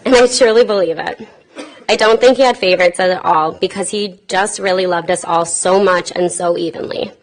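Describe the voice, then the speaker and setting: A woman in her twenties, a granddaughter, reading a heartfelt eulogy with tender warmth and touches of light humor in a funeral chapel. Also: on the low side, normal speed, low-quality recording. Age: 20s. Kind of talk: read eulogy.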